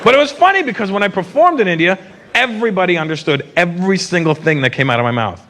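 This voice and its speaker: A North American man telling stories in a stand-up routine, chatty and animated, with asides to the audience. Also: high-pitched, quick pace. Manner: conversational, animated storytelling with asides. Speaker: stand-up comedian. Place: theater stage before a live audience. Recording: live recording with loud crowd and room noise.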